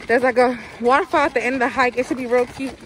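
A woman's voice: a little high, fairly even intonation, quick pace, poor audio. A young woman vlogging on a handheld camera outdoors. She talks in a chatty, blunt way with casual swearing. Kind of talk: casual vlog narration. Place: outdoors on busy streets and hiking trails. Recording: crowd chatter and outdoor noise.

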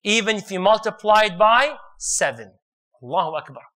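A man preaching a sermon, retelling a story in an animated way and joking and laughing with his audience. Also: high-pitched, normal speed.

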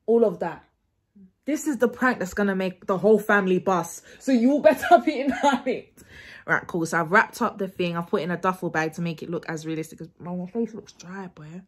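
A young woman with a London English accent talks casually to camera from home. Her voice is husky and slightly breathy. She rambles and restarts her sentences as she chats. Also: on the low side, fairly quick. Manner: chatty and rambling, with frequent restarts and laughter. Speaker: vlogger. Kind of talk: casual vlog chat to camera.

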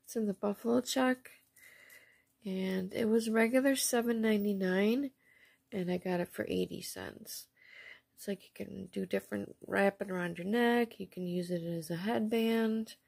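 A woman chatting casually at home as she shows off craft mail and bargain finds, gushing softly and sometimes dropping to a near whisper. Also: mid-range voice, fairly even intonation, moderate pace, vocal fry, husky. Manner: soft, gushing, often drops to a near whisper. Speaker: craft vlogger showing received mail and shopping finds. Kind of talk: casual show-and-tell chat.

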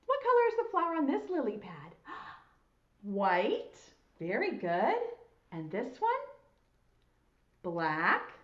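A woman's voice: mid-range voice, wildly swooping pitch. Sing-song preschool teacher woman, roomy sound. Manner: sing-song, slow and exaggerated, with frequent praise. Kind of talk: teaching young children on video. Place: school. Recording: roomy, slightly dull lo-fi sound.

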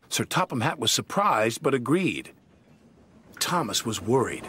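Man narrating a lively storybook. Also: medium pitch, unhurried, a little hiss or hum. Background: music.

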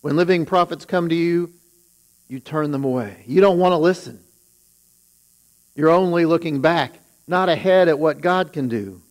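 A man's voice: a little high, normal speed, rough recording. A man who is a pastor, preaching a sermon and retelling scripture with rising emphasis on its warnings.

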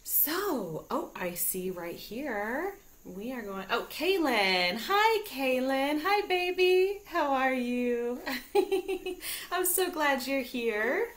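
Her voice is high-pitched and a bit bright, swinging widely in pitch and moving extremely slowly. She's a music teacher for small children, bubbly and coaxing on a live sing-along stream from home as a ukulele plays behind her.

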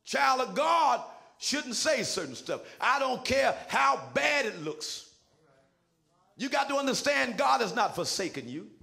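High, gravelly, shouting preacher man. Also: sing-song, unhurried. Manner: shouted, sing-song preaching cadence; folksy, colloquial phrasing. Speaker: senior pastor. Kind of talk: preaching a sermon.

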